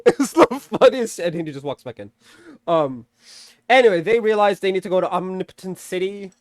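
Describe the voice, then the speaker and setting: A man casually recapping and reviewing a movie, animated, swearing freely and laughing often. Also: high-pitched, quick pace, no echo, studio quality. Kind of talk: casual spoken film recap.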